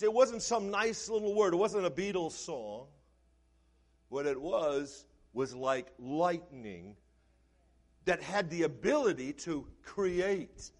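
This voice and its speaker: High-voiced male preacher, slow and emphatic. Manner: preaching with big swings from soft to shouted. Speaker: pastor. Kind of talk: sermon.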